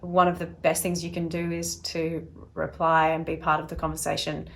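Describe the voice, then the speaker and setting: A woman with a low, monotone voice speaks at a normal pace while hosting a self-help video. She chats casually to the camera, acting out little quoted voices as she explains, and sometimes drops to a soft, quiet tone.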